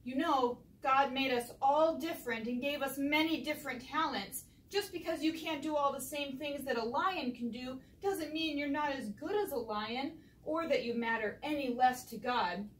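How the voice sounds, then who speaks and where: A woman pastor leading a children's Bible lesson, speaking gently and encouragingly, slowly and clearly. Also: high voice. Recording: roomy sound from a distant mic.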